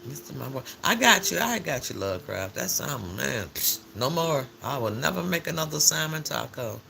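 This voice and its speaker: Animated, gravelly older man chatting live. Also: mid-range voice, moderate pace, slight background noise. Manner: chatty, animated storytelling with frequent laughs and slang. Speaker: live-stream host. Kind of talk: casual morning live-stream chat.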